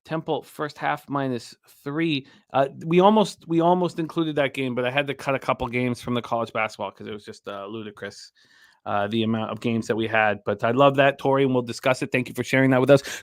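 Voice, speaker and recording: A man's voice: medium pitch, fairly even intonation, brisk, dry recording, studio quality. A man hosting a sports betting radio show, talking energetically, rambling and throwing in crude jokes.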